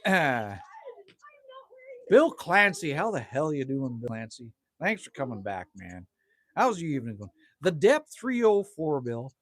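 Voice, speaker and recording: This livestream host from Manitoba, Canada, talks with his viewers outdoors at his cabin one evening, going through their comments in an easygoing, chatty manner. His mid-range voice is sing-song and a bit bright, with a measured pace and clean, echo-free studio quality. Light cursing, self-teasing and frequent "man"s fill his talk.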